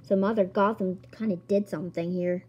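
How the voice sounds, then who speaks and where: A woman's voice: mid-range voice, fairly even intonation, a little fast, husky, lo-fi sound. A woman giggling and exclaiming as she plays a video game and reads its text aloud. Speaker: gamer. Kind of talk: let's-play commentary.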